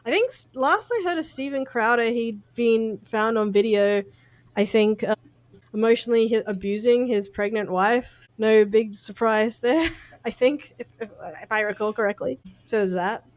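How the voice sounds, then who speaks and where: A woman's voice: a little high, normal speed. A woman co-hosting a podcast, talking through news in a blunt, casual way, swearing and laughing at her own jokes. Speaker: podcast co-host.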